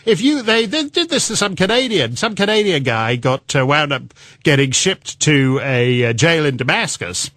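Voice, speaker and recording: A man's voice: a little high, animated, moderate pace, a bit bright, dry recording. A man guest-hosting a talk radio show, rambling through mocking political commentary and cracking himself up with laughter. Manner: rambling and mocking, breaks into laughter, puts on silly voices for quotes.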